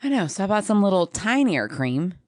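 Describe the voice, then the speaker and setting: A woman's voice: medium pitch, sing-song, brisk, darkish tone, no room sound, studio quality. A woman in her forties co-hosting a podcast, telling stories in casual chat and laughing often. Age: 40s. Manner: chatty storytelling, laughs often. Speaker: podcast co-host.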